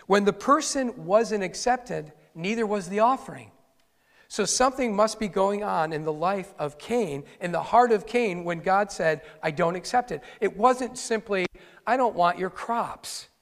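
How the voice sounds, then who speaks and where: A man's voice: sits high, lively intonation, a little slow. A male pastor preaching a conversational sermon with wry asides to his congregation. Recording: long hall reverb.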